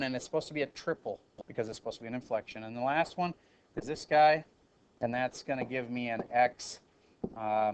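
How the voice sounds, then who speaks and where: Male math teacher, casual and self-correcting, mid-pitched, classroom recording with faint noise and clicks. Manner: casual, self-correcting, calls on students by name. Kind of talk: classroom lesson at a whiteboard.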